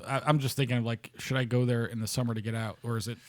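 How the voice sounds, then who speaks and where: Laid-back podcast co-host, dry sound. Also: male voice, mid-range voice, steady tone, fast talker, dry recording. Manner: laughs often, easygoing asides. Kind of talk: casual chat.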